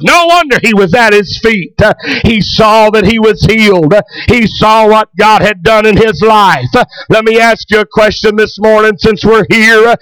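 Preacher guy, high smooth voice, dry close sound, shouts out amens and hallelujahs. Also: no echo, low-quality recording. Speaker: pastor. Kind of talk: sermon.

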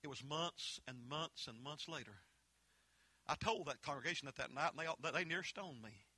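A man with a Southern Appalachian accent preaching a holiness sermon, telling folksy stories that swell into impassioned shouts. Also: a little high, normal speed, slightly rough, no room sound.

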